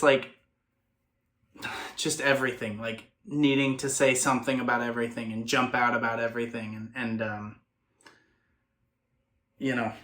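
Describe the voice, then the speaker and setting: A man hosting a reaction video, giving earnest, reflective commentary in loose bursts. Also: mid-range voice. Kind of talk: casual commentary over a music video.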